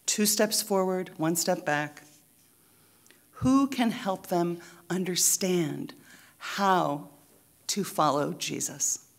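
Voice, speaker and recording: A woman pastor preaching a sermon in a church, deliberate and emphatic, with rhythmic repetition. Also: on the low side.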